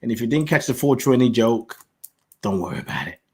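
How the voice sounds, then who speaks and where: A man hosting a reflective self-help podcast, musing aloud playfully with chuckles between slow affirmations. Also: mid-range voice, animated, mellow, breathy edge. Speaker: podcast host.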